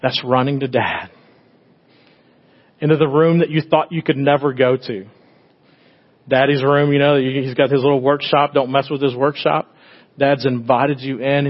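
A middle-aged man preaches in an easy, conversational way, like he's telling stories to friends. His voice sits at a middle pitch, jumping to loud, bright bursts and falling back to soft, tender lines. The recording sounds a little dull. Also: husky. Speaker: pastor. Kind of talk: sermon.

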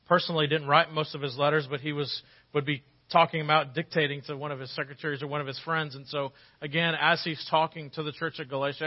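Pastor preaching, slightly high voice. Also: male voice, highs cut off. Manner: storytelling with lively acted quotes. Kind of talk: sermon.

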